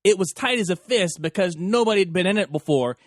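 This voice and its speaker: Profane, animated young male podcast host. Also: high voice, a little fast, dry recording, clean studio sound. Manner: animated, profane, acts out quoted lines. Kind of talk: crude storytelling monologue.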